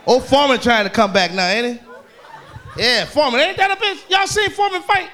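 A man doing stand-up comedy on a club stage, loud and profane, teasing people in the audience. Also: extremely high pitch, a little fast, a faint crowd.

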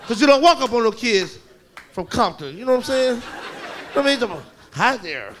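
A man doing stand-up, telling a profane story loudly and acting out the voices of the people in it. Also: very high-pitched, fast, slight background noise. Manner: loud animated storytelling, profane, acts out voices. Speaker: stand-up comedian. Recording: live club recording with crowd laughter. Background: audience laughing.

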